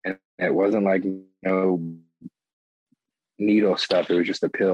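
Low, husky man rambling casually. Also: steady tone, unhurried, pauses often. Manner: rambling, filler-heavy, blunt with swearing. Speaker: guest. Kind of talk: casual conversational interview. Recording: dull lo-fi audio.

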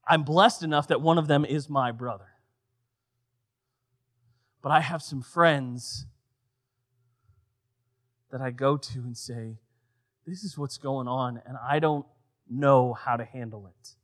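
A man preaching a sermon, swinging between loud emphatic lines and quiet, soft passages. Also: medium pitch, slow, long pauses. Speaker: pastor.

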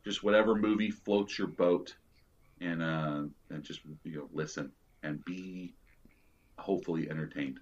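Deep-voiced man on lo-fi audio. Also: steady tone, unhurried. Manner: rambling, many fillers. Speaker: podcast guest. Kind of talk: casual podcast chat. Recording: dull lo-fi audio.

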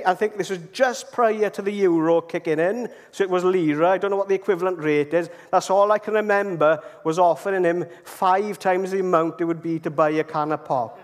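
Man, Welsh accent, preacher, chatty storytelling sermon, somewhat high voice, long hall reverb. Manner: chatty, checks in with "okay?".

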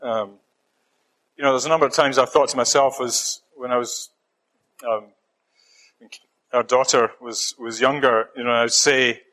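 A middle-aged man with a Scottish accent preaching a sermon, gentle and halting, with many fillers and restarts. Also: mid-range voice, low-quality recording.

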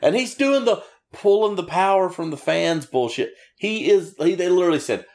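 A man's voice: on the high side, big pitch swings, brisk, a little mellow. Ranting, profane man in casual chat. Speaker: podcast co-host. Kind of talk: casual chat watching wrestling.

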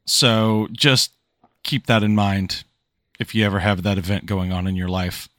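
A man playing a tabletop game, talking in a deadpan, wry way. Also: fairly low pitch, a little slow, no echo, studio quality. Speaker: player. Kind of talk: casual tabletop game chat.

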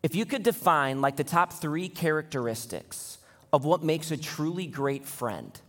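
A young man preaching a sermon as pastor, animated and building to intense emphasis. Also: on the high side, unhurried. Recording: long reverb of a large hall.

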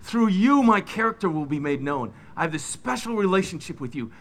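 A middle-aged man preaching a sermon, retelling biblical scenes with lively, dramatic delivery. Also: sits high, fairly quick. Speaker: pastor.

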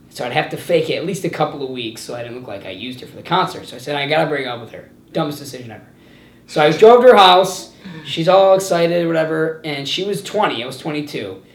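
Young male podcast host, lively storyteller, slightly high voice, roomy echo. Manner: animated storyteller, acts out quotes with laughs. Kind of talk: casual chat.

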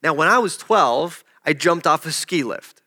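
Bright-voiced man preaching a sermon. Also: fairly high pitch, animated, measured pace. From desert region. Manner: conversational, jokes with the congregation. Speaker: pastor. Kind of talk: sermon with personal story.

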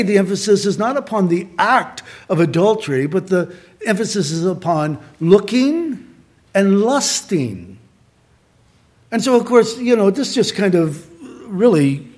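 A middle-aged man preaching a sermon as pastor, earnest and conversational, slowing down to stress key points. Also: high-pitched, sing-song, darkish tone.

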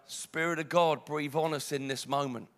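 Brief: British male preacher, fairly high voice, dramatic sermon. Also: fairly even intonation, normal speed. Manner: dramatic, swings from hushed to loud.

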